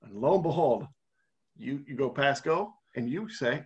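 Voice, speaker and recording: A man co-hosting a podcast, telling a step-by-step scenario in a casual, animated way. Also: medium pitch, normal speed. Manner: animated storyteller, walks through a game scenario step by step. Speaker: podcast co-host. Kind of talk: casual conversational explaining.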